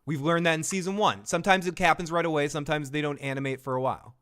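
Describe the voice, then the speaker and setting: A man's voice: fairly high pitch, fairly even intonation, fast, fairly bright tone, clean tone. Easygoing man host, light laughter. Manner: easygoing, laughs often, recaps scenes. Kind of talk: casual review chat.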